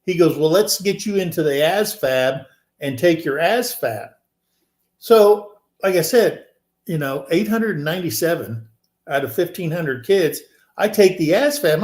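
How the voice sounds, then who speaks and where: With a high-leaning voice and measured pace, a sixty-something podcast co-host spins a casual, meandering story, stumbling through fillers and restarts. He animatedly voices the quoted characters louder, all recorded in an echoey room.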